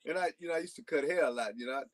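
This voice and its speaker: A man's voice: on the high side, rapid-fire. A man telling long casual stories as a guest on a talk show, rambling with frequent restarts. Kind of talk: casual storytelling.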